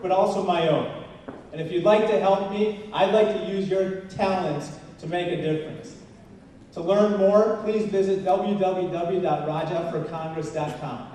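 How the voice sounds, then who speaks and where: A man with a high, mellow voice gives an earnest campaign speech with jokes. He is heard from far off in a large banquet hall. Long reverb and faint noise fill the room. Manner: earnest, with jokes and rising emphasis. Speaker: congressional candidate.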